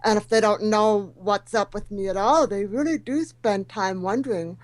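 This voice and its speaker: A woman's voice: medium pitch, moderate pace, dry recording, low-quality recording. Lady guest w/ hearing loss speech impediment, funny storyteller, dry close sound. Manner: warm storytelling, self-deprecating humor. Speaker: guest speaker. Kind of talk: talk show interview.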